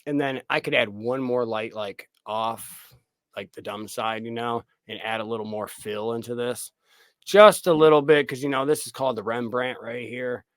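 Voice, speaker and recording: A man's voice: mid-range voice, moderate pace, a bit bright, no room sound. A man, a film director guest, chatting casually on a podcast, swearing freely and acting out his own reactions.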